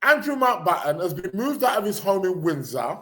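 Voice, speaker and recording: An English man hosts a podcast, reading the news in a rambling, sarcastic live chat full of fillers and restarts. His voice is high and pushed, bright, with big pitch swings and a fairly quick pace.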